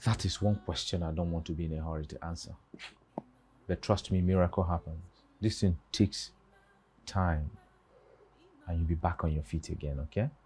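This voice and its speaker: A calm Nigerian doctor. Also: male voice, low voice, normal speed, pauses often, slightly rough. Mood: reassuring. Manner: reassuring, steady. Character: calm, reassuring male doctor.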